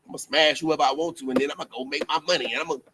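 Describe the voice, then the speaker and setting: Guy doing a brash bragging woman, mocking, rattled off quick, kinda high. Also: fairly even intonation, noisy background, lightly acted. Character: brash mocking woman boasting, man's caricature.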